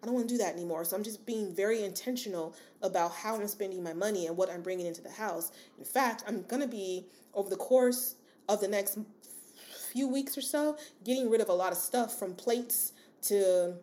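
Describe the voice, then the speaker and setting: A solo podcast host, an adult woman with a daughter, speaks briskly and warmly in a medium-pitched voice. She's casual, chatty and encouraging, calls the listener "sis," and rambles with lots of fillers and asides.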